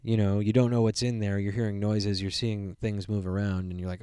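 Animated man retelling a movie. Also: fairly low pitch, fairly quick, few pauses, clear, resonant tone, no room sound, studio quality. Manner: animated, acts out characters' lines, swears casually. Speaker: podcast co-host. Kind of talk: casual movie review chat.

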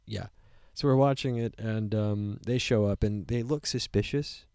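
A man co-hosting a casual movie review chat, animated and swearing freely while he acts out characters' lines. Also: fairly low pitch, normal speed, smooth, no room sound, studio quality. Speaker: podcast co-host.

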